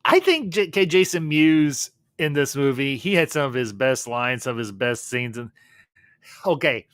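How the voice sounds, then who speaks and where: A man's voice: medium pitch, sing-song, normal speed, a bit bright, no room sound, studio quality. A man hosting a livestream, animatedly recapping a film scene by scene, laughing as he goes. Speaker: livestream host.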